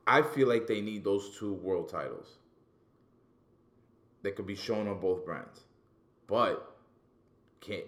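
A man in casual, animated, profane chat about wrestling as a podcast co-host, often repeating words as he gets going. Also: lowish voice.

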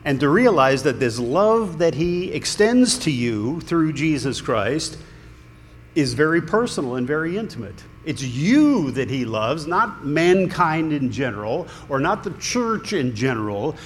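A man's voice: a little high, very animated, measured pace. Man, preacher, conversational earnest sermon, long hall reverb, faint background hum. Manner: conversational, earnest, with small restarts.

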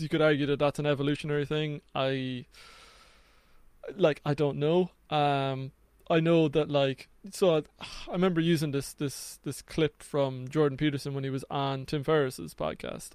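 Brief: male, slightly higher-pitched, musing and hesitant, dry close-miked sound. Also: clear, resonant tone, no echo. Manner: reflective, hesitant, with restarts and laughs. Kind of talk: casual podcast chat.

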